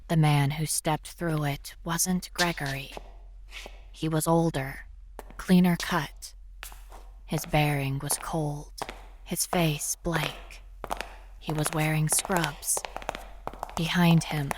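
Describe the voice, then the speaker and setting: A young woman narrating a horror story in first person, often in a hushed, whispery voice. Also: deep voice, noisy background. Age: young adult.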